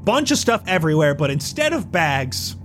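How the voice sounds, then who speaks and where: Game master narrating, lively pitch. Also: moderate pace, a little hiss or hum.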